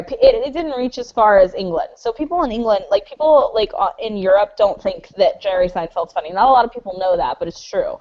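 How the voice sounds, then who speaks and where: A woman's voice: medium pitch, a little fast, few pauses. A woman on a comedy panel game, rambling through an improvised answer with many fillers. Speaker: panel contestant. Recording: muffled lo-fi recording.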